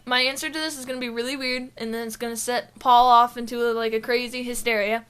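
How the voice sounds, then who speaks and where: A woman's voice: fairly high pitch, steady tone, fast, a bit bright, clean tone. Giggly, rambling woman podcast co-host. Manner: chatty, giggly, rambling with many fillers. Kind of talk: casual chat.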